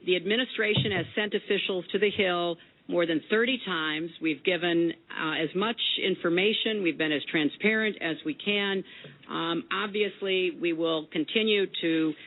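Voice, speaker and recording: A woman official giving formal testimony at a hearing, pausing often with filler sounds. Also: sits low. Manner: halting, many filler sounds. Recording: tinny phone-like archive clip.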